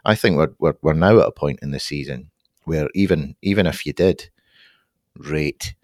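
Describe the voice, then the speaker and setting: Very deep-voiced man, thoughtful. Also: normal speed, darkish tone, no room sound, studio quality. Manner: thoughtful, hesitant with fillers. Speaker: podcast panelist. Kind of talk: casual podcast discussion.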